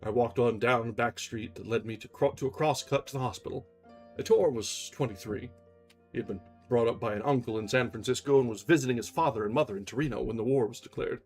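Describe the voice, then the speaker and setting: A man reading a novel aloud on his livestream channel in a calm storytelling manner. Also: medium pitch, fast talker, soft background music. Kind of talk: audiobook-style reading on a livestream.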